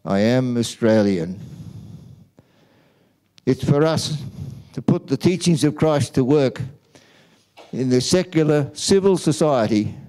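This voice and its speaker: A man, a Catholic priest, giving a homily in a slow, measured storytelling manner. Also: a little high, mellow.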